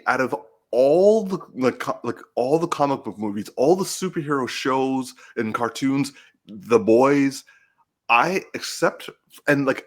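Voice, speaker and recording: A man co-hosting a casual podcast, talking excitedly and emotionally with lots of restarts and swearing. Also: mid-range voice. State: getting teary-eyed. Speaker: podcast co-host.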